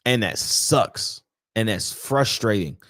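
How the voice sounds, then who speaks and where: A man hosts a sports talk stream and rants with frustration and emphasis. His pitch swings widely up and down as he talks. The sound is dry and close. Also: takes it slowly, no room sound. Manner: frustrated, emphatic, animated ranting. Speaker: sports talk show host. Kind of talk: casual sports talk livestream.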